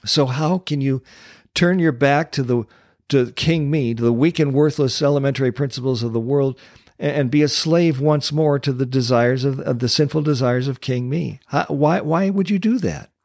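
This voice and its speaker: A man in a Christian coaching ministry preaching a devotional sermon, pressing his listeners with repeated questions and reading Bible verses slower and lower. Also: a little mellow, dry recording, studio quality.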